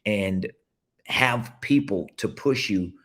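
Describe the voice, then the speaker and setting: Emphatic low-voiced man coaching live. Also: takes it slowly, a bit bright, husky. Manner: emphatic, repetitive, coaxing the audience to repeat phrases. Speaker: business coach. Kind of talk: casual livestream motivational talk. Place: seated at a table indoors.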